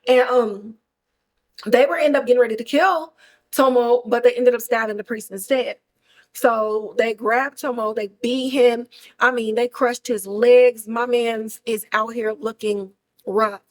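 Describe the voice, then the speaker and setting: Slangy, animated woman recapping a film. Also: a little high, a little slow, poor audio. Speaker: podcast host reviewing a film. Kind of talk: casual chat.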